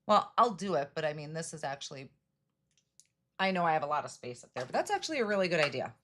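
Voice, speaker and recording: A woman's voice: deep voice, sing-song, fast talker, fairly bright tone, slight background noise. A chatty middle-aged woman hosting a live card-making demo, greeting viewers by name and laughing at her own slips. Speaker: craft livestream host. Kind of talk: casual live crafting demo.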